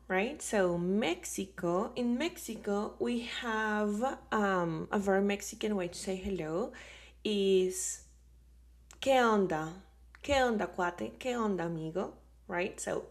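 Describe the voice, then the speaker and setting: Unhurried Colombian woman with gravelly voice. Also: mid-range voice. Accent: Colombian Caribbean Spanish. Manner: chatty, many fillers and repeated example phrases. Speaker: Spanish teacher. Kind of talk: casual language lesson.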